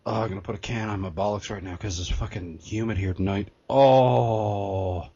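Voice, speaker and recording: A man's voice: on the low side, moderate pace, warm tone, husky, no echo. A man hosting a casual, boozy podcast over a call, easygoing and swearing, setting up the call himself. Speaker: podcast host. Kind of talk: casual drunken chat. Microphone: computer mic on a call. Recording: dry, dull lo-fi call audio.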